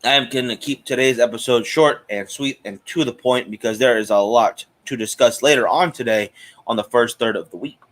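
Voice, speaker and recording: A man's voice: mid-range voice, fairly quick, fairly bright tone. A man hosting a live cigar stream in a chatty, casual way, greeting viewers by name. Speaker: host of a cigar show.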